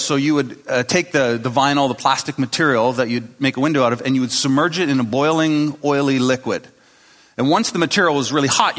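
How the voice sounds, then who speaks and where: Speaking a little high and a bit bright, a man preaches in a church hall, relaxed and story-driven, performing the quotes of the people he describes. His live congregation hears him through the long echo of the large room.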